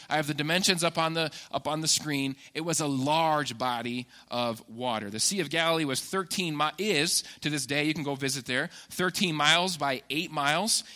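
A man preaching a sermon in a church, telling stories in a conversational, animated way. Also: fairly high pitch. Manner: conversational, animated storytelling with laughs. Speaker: pastor.

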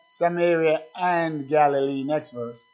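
High-voiced slow fervent male preacher. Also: highs cut off. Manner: preaching with rising, fervent calls and quiet asides. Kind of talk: sermon.

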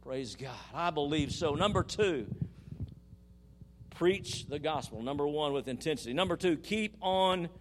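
A man preaching a sermon in church, telling a story and rising into loud, emphatic praise while calling the congregation to respond. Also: fairly high pitch, expressive, measured pace, a little hiss or hum.

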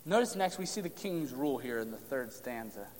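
Emphatic preacher in a reverberant hall. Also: male voice, medium pitch, sing-song, a little fast. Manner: emphatic, drops to hushed tones for stress. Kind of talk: sermon.

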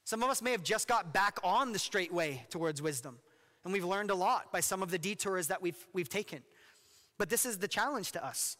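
Animated high-voiced male preacher. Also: fairly quick, in a large hall. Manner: animated, jokey, asks the audience questions. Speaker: pastor. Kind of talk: sermon.

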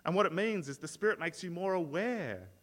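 A male pastor delivers a sermon in a fairly high voice, explaining his points earnestly and often doubling back on words mid-sentence. The sound rings with the long reverb of a large church hall. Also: lively intonation, brisk, a bit bright. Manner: earnest, explanatory, frequent word repeats and restarts.

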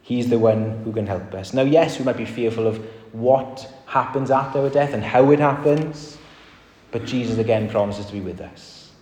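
A man's voice: medium pitch, moderate pace, a little mellow. A man preaching a sermon to a congregation in an earnest way, asking rhetorical questions and acting out short quotes. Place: church hall before a congregation. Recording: echoey reverberant hall.

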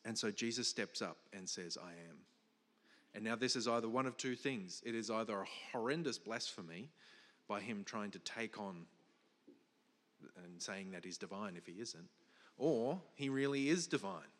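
A man's voice: lowish voice, lively intonation, normal speed, a bit bright, in a large hall. A man preaching a sermon, explaining a passage with emphatic stresses, some restarts and fillers. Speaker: pastor.

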